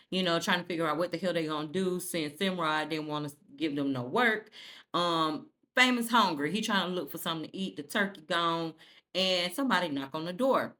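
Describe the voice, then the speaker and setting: Woman doing a casual tv recap, aave, lower voice, acts out the lines, cusses a lot. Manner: animated storytelling, acts out characters' lines, swears freely. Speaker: TV recap host.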